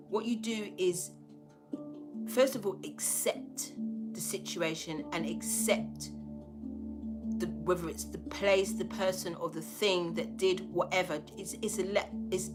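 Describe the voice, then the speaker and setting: A woman's voice: fairly low pitch, moderate pace, loud music behind the voice. A woman giving a spiritual tarot reading, talking bluntly and emphatically with a lot of swearing. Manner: blunt, profane, emphatic preaching.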